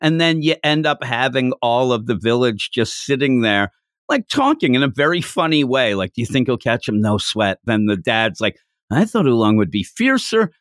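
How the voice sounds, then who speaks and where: Male podcast co-host, lively pitch, dry close sound, playful scene retelling. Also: normal speed, dry recording. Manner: animated, acts out character lines in funny voices. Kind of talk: casual manga discussion.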